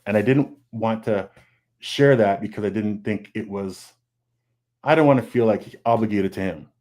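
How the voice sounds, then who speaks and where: A man's voice: lowish voice, moderate pace, darkish tone. A man, a comic book artist, speaking in a casual, candid panel talk over a video call. He is earnest, restarts often, repeats words and acts out his own thoughts. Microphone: video call mic.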